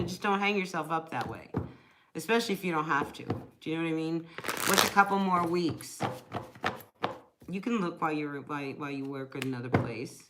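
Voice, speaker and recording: A woman's voice: low voice, noisy background. A woman chatting casually during a live tarot reading, answering viewers by name and laughing often. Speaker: tarot reader.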